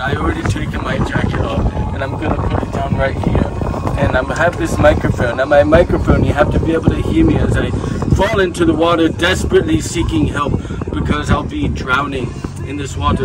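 A man's voice: a little high, steady tone, brisk, heavy background noise. A man playing a goofy mock field reporter, talking mock-serious and laughing at his own slips. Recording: loud music under the voice.

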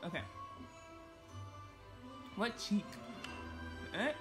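A woman's voice: medium pitch, very animated, measured pace, long pauses, over music. A woman hosting a gaming channel, giving chatty, joking let's-play commentary and reacting aloud to the game.

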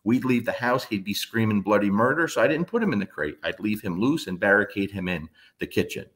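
A man with a lowish voice tells stories about raising and training his dogs. He talks casually and bluntly, with the odd curse, and slips into quick impressions of the dogs and people in his stories. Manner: animated, acts out his dogs and friends in quick asides. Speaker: dog trainer. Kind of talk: casual storytelling talk.

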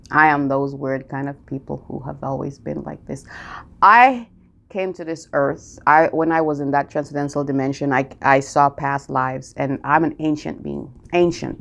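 A woman's voice: deep voice, creaky. A woman who calls herself a mystic, talking casually to camera and answering a viewer's question about spiritual matters. She preaches emphatically, repeats key phrases for stress and keeps checking in with her viewers. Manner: addresses viewers directly with "okay?" and "you guys".

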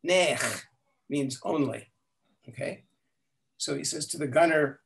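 An older man telling stories as an interview guest. He talks in an animated way, acts out the quotes and often restarts his sentences. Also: a little high, slow, gravelly, pauses often. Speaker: guest, language inventor. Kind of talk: storytelling interview.

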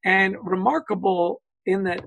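A man's voice: high voice, steady tone, unhurried, creaky, fairly bright tone, no echo, rough recording. A man speaking as a guest on a video-call webinar, telling anecdotes, acting out quotes and saying "you know" often. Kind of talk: conversational webinar talk.

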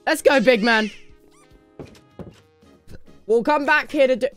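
A man streaming gameplay in casual chat, excitable and prone to sudden high shrieks and shouts. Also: takes it slowly, smooth, faint music behind. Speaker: game streamer.

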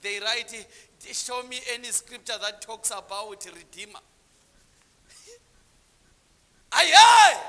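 A man preaching a sermon, calling on the congregation to answer back, dropping to low murmurs and then rising into shouted lines. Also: big-room sound, a little hiss or hum.

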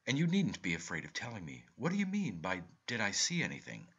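A man voicing a hearty, blunt middle-aged American uncle who speaks in loud, exuberant exclamations. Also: lowish voice, wildly swooping pitch, brisk, slightly rough, highs cut off, exaggerated voice. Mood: eager.

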